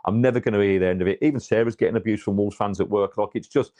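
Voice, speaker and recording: A man's voice: lowish voice, rapid-fire, warm tone, no echo, muffled recording. A man from England, chatting casually about his football club in a rambling way full of restarts and fillers. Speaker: podcast co-host. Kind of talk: casual football fan chat.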